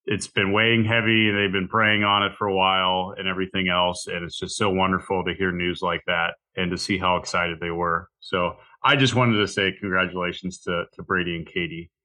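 A man co-hosting a podcast in a casual chat. His voice is bright and forward, and he sounds worn out. He rambles through his stories and acts out what others said. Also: low voice, steady tone, brisk, hardly any pauses, poor audio. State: tired. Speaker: podcast co-host.

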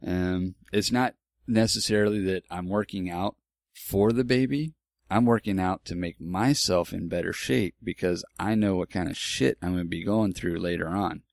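A man's voice: deep voice, normal speed, vocal fry, no room sound, studio quality. A man in his forties telling a personal story in a casual, rambling way, candid and with some swearing. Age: 40s. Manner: rambling, candid, with profanity and restarts.

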